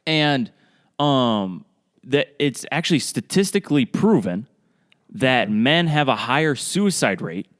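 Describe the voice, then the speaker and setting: A young adult man co-hosting a casual podcast, speaking earnestly and a little haltingly, sometimes repeating words. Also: medium pitch, very animated, a bit bright, in a large hall. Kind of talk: casual chat.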